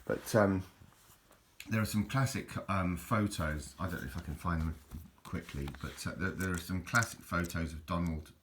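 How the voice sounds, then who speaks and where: A man's voice: deep voice, moderate pace, a bit bright, slight background noise. An Englishman, chatting casually over photos in a rambling, hesitant way with frequent restarts. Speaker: video host.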